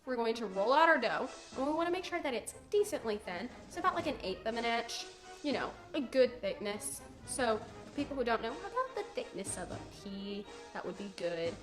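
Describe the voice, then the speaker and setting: A woman's voice: a little high, very animated, brisk, echoey room, faint music behind. A teenage girl hosting a cooking tutorial, bubbly and joking with chatty asides. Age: teens. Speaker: cooking video host.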